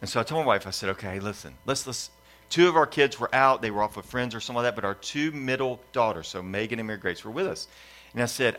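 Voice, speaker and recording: A man's voice: mid-range voice, lively intonation, fast talker, fairly bright tone. A middle-aged pastor telling a family story in a sermon, acting out voices and building his points in repeated lists. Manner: repetitive preaching cadence, builds in lists.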